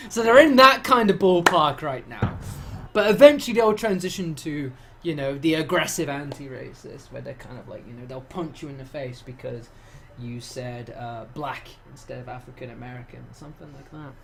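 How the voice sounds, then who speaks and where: A man's voice: mid-range voice, moderate pace, creaky, noisy background. A young man from England with an English accent, chatting casually as a game-master host, swearing a lot and mimicking other people's voices. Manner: swearing, mimicking voices, laughing at his own jokes. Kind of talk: casual banter between game sessions.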